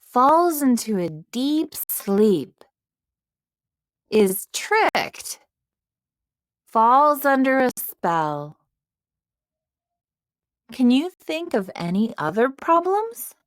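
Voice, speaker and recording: A woman narrator guides children through writing a fairy tale, speaking very slowly and clearly. Her pitch moves in a lively way, as in storybook reading. The voice-over is dry and close-miked. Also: no echo. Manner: slow, clear, storybook delivery. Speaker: teacher narrator.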